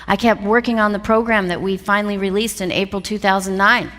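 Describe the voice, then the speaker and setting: A woman telling a personal story to an audience, lively and acting out the voices of others. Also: medium pitch, fast. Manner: lively storytelling, acts out voices, laughs often. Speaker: speaker telling her career story. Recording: long hall reverb.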